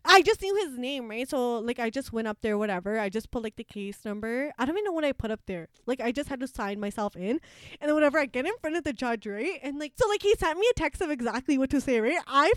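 A woman's voice: sits high, lively intonation, fast talker, no echo, studio quality. A young woman in her twenties, a law student, telling a story in casual chat with lots of fillers, acting out quotes, laughing often.

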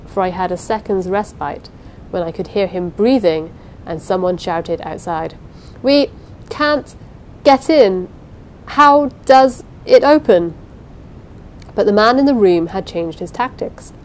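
A woman's voice: fairly low pitch, warm tone, a little hiss or hum, poor audio. A woman narrating a first-person story aloud, reading in a dramatic, suspenseful way. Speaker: audiobook narrator.

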